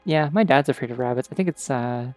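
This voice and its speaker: A man's voice: medium pitch, fast talker, no echo. A man streaming a game, chatting casually in a rambling way full of filler words. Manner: rambling, digressive, many "like" fillers. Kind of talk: casual chat while gaming. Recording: faint background game music.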